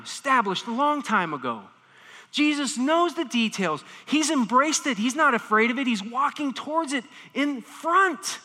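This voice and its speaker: A man preaching a sermon, animated, swinging between quiet explanation and intense emphasis. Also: high voice. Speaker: pastor. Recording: reverberant hall.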